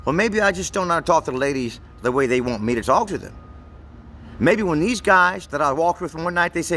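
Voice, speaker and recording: A man's voice: on the high side, expressive, brisk, pushed and bright. A man telling a long, meandering story to the camera in a profane, rambling way, often stumbling and repeating words as he searches for what to say. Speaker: vlogger.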